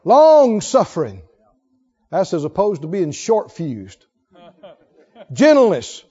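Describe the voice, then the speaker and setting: A male preacher with a high, lively voice that leaps up and drops low. He repeats his key lines for emphasis and moves from loud exhortations to hushed asides. The recording is dull and lo-fi. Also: slow pace, slightly rough. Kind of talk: sermon.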